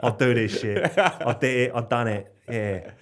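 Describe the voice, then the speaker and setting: A man voicing a brash, sweary young British lad with a British accent, loud and cocky. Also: medium pitch, lively intonation, measured pace, voice pushed up, natural voice. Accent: British English.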